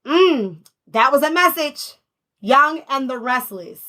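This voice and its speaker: A woman's voice: high-pitched, animated, takes it slowly, bright, forceful tone. A woman giving a casual tarot reading at home. She is chatty, laughs often and swears freely. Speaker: tarot reader.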